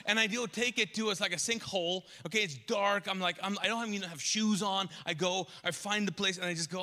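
A man preaching a sermon as a pastor, telling a comic story with lively quoted asides, recorded live in a church. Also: high voice, brisk, hardly any pauses. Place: large church auditorium. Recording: live church hall reverb.

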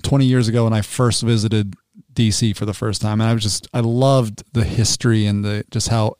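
A man's voice: on the low side, little pitch movement, brisk, darkish tone, clear, resonant tone, no echo. A man from the American West, co-hosting a podcast and chiming in with jokes. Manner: jokey, chiming in. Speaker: podcast co-host. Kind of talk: casual podcast chat.

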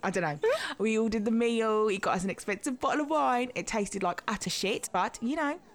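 A woman's voice: fairly high pitch, fairly quick, close to an everyday voice. A woman in her twenties with a British accent, acting a brash, sweary young woman in a scripted comedy scene. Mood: chatty. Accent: British English. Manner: brash, sweary, calls her friend babes.

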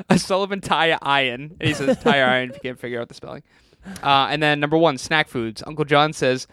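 A man's voice: on the high side, normal speed, pauses often, bright, forceful tone, smooth, no echo, clean studio sound. A man co-hosting a casual podcast, reading a donor's list aloud and laughing along. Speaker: podcast co-host.

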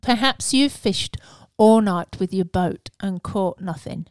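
A woman delivers a relaxed, conversational sermon with an earnest tone. Her voice is smooth and clear, recorded close and dry with no room sound. She talks informally, with fillers and restarts along the way. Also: medium pitch, takes it slowly, dry recording. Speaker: preacher. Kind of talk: casual devotional sermon.

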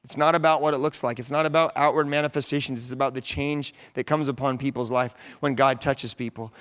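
A man's voice: mid-range voice, brisk. A man in his thirties, a pastor preaching a sermon and telling stories with rising fervor. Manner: storytelling, animated, rising to fervent peaks.

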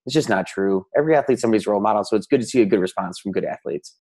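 A man's voice: on the low side, darkish tone. A man co-hosting a sports podcast in casual chat, rambling along and restarting his sentences. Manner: rambling, quick talk with many restarts. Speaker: podcast co-host.

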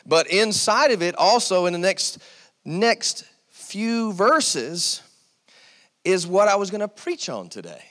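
A man with a high voice preaches to his congregation, often stopping to ask "Amen?" and pressing his points with "See,". The sound rings with a long reverb from the church sanctuary around him. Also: sing-song, slow, fairly bright tone. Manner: call-and-response preaching, repeated "Amen?" and "See,". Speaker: pastor. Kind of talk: sermon.

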